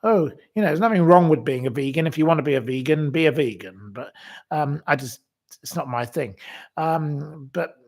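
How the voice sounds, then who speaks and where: A man from England hosting a casual livestream, ranting indignantly with theatrical swings between loud outbursts and quiet asides, full of fillers. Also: fairly high pitch, expressive. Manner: slow, drawn-out delivery with many fillers. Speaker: livestream host. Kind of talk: casual political rant to viewers.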